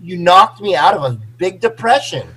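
A man in his forties, slightly tipsy, rambling excitably and swearing through a casual chat. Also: high-pitched, moderate pace, breathy edge, rough recording. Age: 40s. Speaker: guest on a call.

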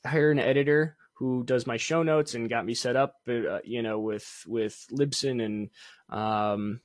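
A man's voice: medium pitch, fairly even intonation, measured pace, no echo. A young adult man, a sales coach and entrepreneur, talking casually as a podcast guest, chatty and self-deprecating, laughing often and restarting sentences. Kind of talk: casual interview conversation.

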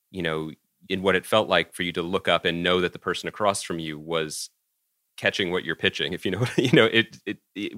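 A low-pitched man with a bright, sharp edge to his voice, recorded close and dry. He stops and restarts as he works out his interview questions. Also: no room sound. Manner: halting, searching for words. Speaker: podcast co-host. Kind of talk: casual podcast interview.

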